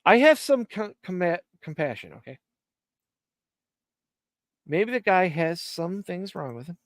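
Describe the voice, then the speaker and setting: Man, fairly high voice, dry close sound, rambling, swearing, joking, casual stream chat. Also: very animated, unhurried, dry recording. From Ireland. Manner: rambling, profane, jokey rants. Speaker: stream host.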